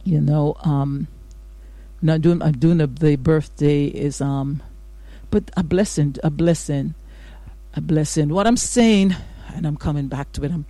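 A woman's voice: low-pitched, measured pace, mellow, no room sound. A woman hosting a morning devotional radio show, greeting listeners and preaching with exuberant praise and amens. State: out of breath. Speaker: radio host.

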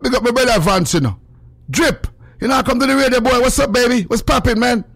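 A gravelly, high-voiced Jamaican man rants on his radio show. He swings from loud preachy shouting to low mumbled asides. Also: lively intonation, brisk. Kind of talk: animated call-in radio rant.

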